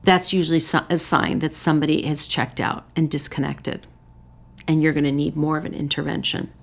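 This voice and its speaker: This woman talks a little fast in a gravelly voice, offering relationship advice straight to camera. Her lively delivery uses short, punchy, repeated lines, with occasional bursts of excited high-pitched voices acting out joyful greetings.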